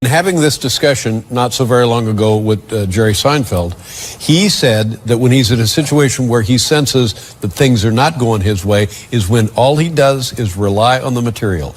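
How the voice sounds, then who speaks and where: A man runs a formal sit-down interview and asks his questions in a measured, deliberate way. His voice is mid-pitched for a man. There is a faint hiss under the recording.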